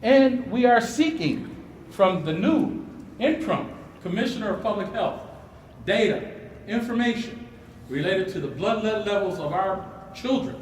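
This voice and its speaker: A man speaking at a press conference, with a fiery, preacher-like delivery that climbs into outrage. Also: sits high. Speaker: community activist at press conference. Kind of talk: impassioned press conference statement. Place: indoor hall at a press conference. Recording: echoey hall with faint room noise.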